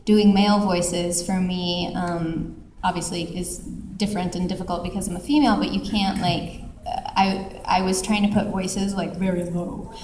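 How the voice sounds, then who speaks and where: A woman's voice: fairly low pitch, flat delivery, moderate pace, a little mellow, recorded from a distance, a little hiss or hum. Chatty woman on a panel in an echoey hall. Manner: chatty, many fillers. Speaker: panelist, audiobook narrator. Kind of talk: casual panel talk. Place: convention panel room.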